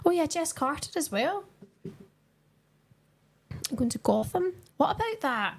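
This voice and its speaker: A woman's voice: sits high, very animated, measured pace, vocal fry. A young woman chatting casually with her viewers on a live stream while she watches a football match and answers their comments.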